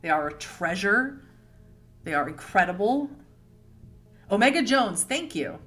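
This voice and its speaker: A woman's voice: medium pitch, very animated, unhurried, a bit bright, soft background music. A woman from Boston with a Boston accent, hosting a casual livestream, chatting with viewers in a rambling way and laughing often. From Boston, United States. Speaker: streamer host answering chat.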